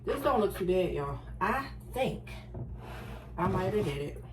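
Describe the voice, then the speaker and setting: A middle-aged woman with a Philadelphia accent films herself baking in her home kitchen for a casual, chatty vlog. Her voice is lowish and her pace measured; she's animated and self-deprecating, calls her viewers "y'all," and the recording is low quality.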